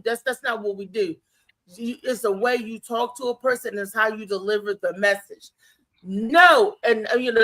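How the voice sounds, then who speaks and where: A woman's voice: a little high, sharp tone. A woman comedian hosting a talk show, telling an emphatic story with a preachy edge. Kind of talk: casual talk show monologue.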